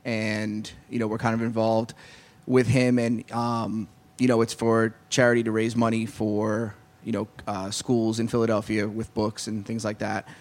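A male guest in casual chat, speaking in a relaxed, halting way with many fillers. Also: lowish voice. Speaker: guest promoting a charity event.

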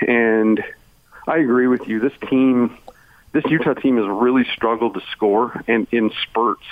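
A man's voice: mid-range voice, steady tone, unhurried, dry recording. Man talking sports over a phone line. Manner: rambling, heavy on "you know" fillers. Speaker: basketball analyst, former coach. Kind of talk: sports radio chat.

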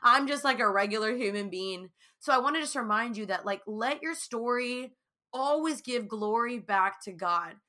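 A woman's voice: fairly high pitch, lively intonation, normal speed, pushed and bright. A young woman talking casually and earnestly to viewers about her faith, with many fillers. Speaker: Christian speaker sharing her testimony.

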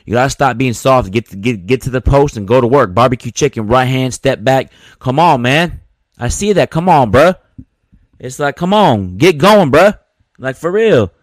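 A man's voice: mid-range voice, animated, normal speed, no room sound. A man hosting his own sports podcast, venting casually in slang with many repeated words. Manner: slangy, repetitive, frustrated venting.

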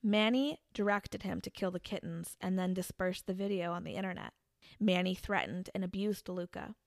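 A woman's voice: fairly low pitch, normal speed, vocal fry, no echo, clean studio sound. A woman casually retelling a true crime case to a friend, building to dramatic reveals with restarts and fillers. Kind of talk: casual storytelling chat.

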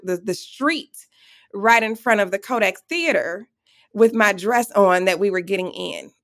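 Gravelly-voiced woman telling a story. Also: medium pitch. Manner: animated, acts out quoted voices. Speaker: guest. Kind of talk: storytelling in an interview.

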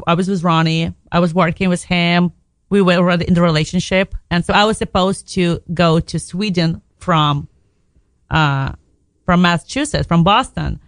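A woman's voice: on the low side, dry recording. A woman from Belarus, a radio guest telling a candid personal story in a frank, emotional way, swearing casually and restarting her sentences.

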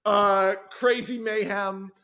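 A man on a podcast as a guest screenwriter, chatting casually in an excited, rambling way. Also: high-pitched, takes it slowly, clean tone. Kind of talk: casual chat.

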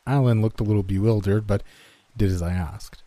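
Brief: male narrator, low and mellow, dry close sound, wry delivery. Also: fairly quick, no room sound. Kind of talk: first-person story narration.

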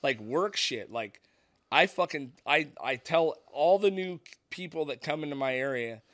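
A man's voice: on the high side, animated, measured pace, a bit bright, dry recording, clean studio sound. A man co-hosting a podcast in casual chat, swearing a lot, emphatic, often saying "dude". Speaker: podcast co-host.

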